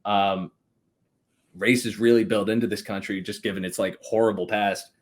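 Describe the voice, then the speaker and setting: A young man with a fairly low voice tells stories in a loose, rambling way. He swears freely and breaks into laughter mid-sentence, like a guest chatting on a podcast. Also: fairly even intonation, moderate pace. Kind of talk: casual storytelling chat.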